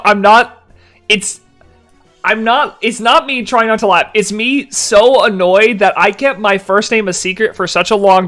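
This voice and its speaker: A young man with a high, bright voice talks casually on a live stream in a playful, mock-annoyed way. He reads chat messages aloud and answers them. Faint music plays softly underneath.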